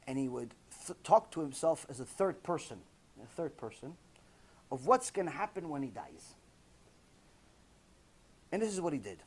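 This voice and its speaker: A man's voice: on the high side, very animated, moderate pace, pauses often, husky. A man giving a Torah lecture as a rabbi, emphatic, repeating key phrases and firing rhetorical questions.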